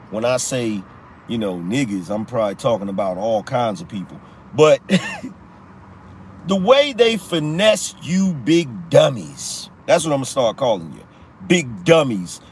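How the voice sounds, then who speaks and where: A man's voice: mid-range voice, slight background noise. A man hosting a live political commentary show, talking in a slangy, repetitive style and teasing his audience. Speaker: podcast host.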